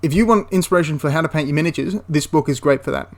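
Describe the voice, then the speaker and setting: A man's voice: on the high side, rapid-fire. A man giving a casual, enthusiastic spoken review of a tabletop wargame, rambling into asides and restarting his sentences.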